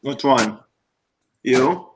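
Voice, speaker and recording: A man's voice: medium pitch, expressive, drawn-out words, a little hiss or hum. A man hosting a live stream, chatting casually and laughing often. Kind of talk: casual chat.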